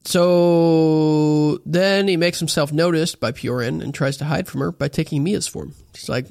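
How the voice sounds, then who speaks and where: A man's voice: on the high side, steady tone, measured pace, vocal fry, darkish tone, no room sound, clean studio sound. A man co-hosting a casual podcast, laid back and swearing as he recaps episodes. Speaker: podcast co-host recapping an anime. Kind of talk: casual chat.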